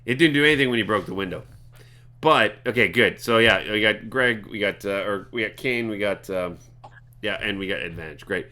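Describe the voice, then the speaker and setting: A man narrating as game master of a tabletop game, talking in halting bursts full of fillers. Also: on the low side, pushed and bright. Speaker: dungeon master.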